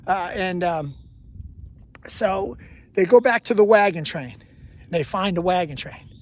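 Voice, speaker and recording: This high-pitched hiking vlogger speaks without hurry and pauses often while walking a mountain trail. Holding a camera, he talks about history in a relaxed way, meandering through his story and repeatedly correcting himself.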